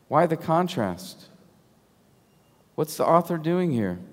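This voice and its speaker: A man preaching a sermon, emphatic and full of rhetorical questions, sometimes dropping to a hush. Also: fairly high pitch, very animated, slow. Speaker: pastor. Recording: long hall reverb.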